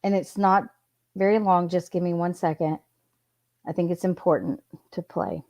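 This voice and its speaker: A woman's voice: on the low side, steady tone, moderate pace, a little mellow, dry recording. A woman casually reading out text messages and adding her own blunt asides. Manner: chatty, reads messages aloud with asides. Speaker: true crime commentator.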